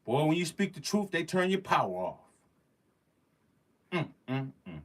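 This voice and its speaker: A man's voice: fairly high pitch, sing-song, measured pace. Slangy emphatic man chatting live. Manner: slangy, emphatic, repeats phrases, addresses the chat directly. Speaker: livestream host. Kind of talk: casual livestream chat.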